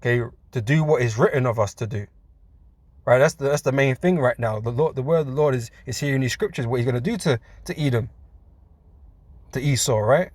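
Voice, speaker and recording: A man's voice: mid-range voice, brisk, darkish tone, no echo. Casual male scripture teacher. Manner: casual, says "man" a lot, laughs between points. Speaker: preacher.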